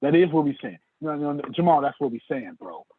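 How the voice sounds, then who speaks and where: A man's voice: on the high side, lively intonation, fairly quick, a little hiss or hum. A man giving a sales lesson in a fiery, preacher-like style, calling on listeners by name over a video call. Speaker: sales trainer. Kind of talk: sermon-style sales lecture. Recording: tinny dry phone-like line.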